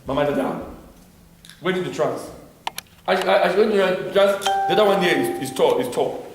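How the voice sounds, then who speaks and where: A middle-aged man with a Nigerian accent teaching the Bible in a church, talking haltingly with many repeated words. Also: high-pitched, faint music behind. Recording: very echoey room, faint noise.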